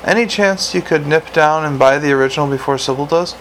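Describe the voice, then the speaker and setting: A man's voice: on the high side, a little fast, fairly bright tone, a little hiss or hum, natural voice. A man reading the part of a weary, grumpy male police commander in an audiobook, speaking bluntly.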